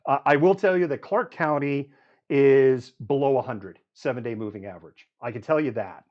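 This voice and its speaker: A man's voice: medium pitch, normal speed, highs cut off. A man hosting a live news show, reeling off statistics with frequent "um"s and running commentary. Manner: reels off statistics with frequent fillers.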